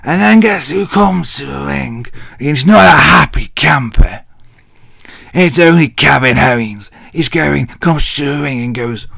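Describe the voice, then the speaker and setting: Man, deep gravelly voice, slow rambling wrestling chat, dry close sound. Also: expressive, bright, forceful tone, no echo. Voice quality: deep, masculine. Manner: rambling, jokey and self-mocking. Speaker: wrestling vlogger. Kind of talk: casual wrestling recap.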